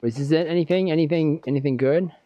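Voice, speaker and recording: A man streaming a horror game, giving excitable, jokey commentary and talking to himself. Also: fairly high pitch, quick pace, lo-fi sound, slight background noise. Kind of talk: let's play commentary.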